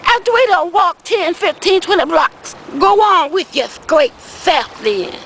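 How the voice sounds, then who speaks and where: A rambling old man spins a comic yarn, voiced by a woman. His voice sits very high, with a soft hiss of noise behind it. He loops back on himself with repeated "I said" and "see," folksy and unhurried. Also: lively intonation, full character voice, low-quality recording. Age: older. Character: older Southern man, rambling small-time weed seller. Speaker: comic character monologue. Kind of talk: comedic storytelling in character.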